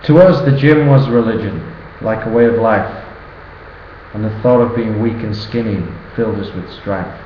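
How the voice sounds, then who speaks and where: A man's voice: on the low side, moderate pace, slight background noise. A young man, reciting a cheeky rhyming birthday poem as a toast to his best friend. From northern England. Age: early 20s. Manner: cheeky, sing-song rhyming delivery. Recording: roomy, dull sound with faint ambience.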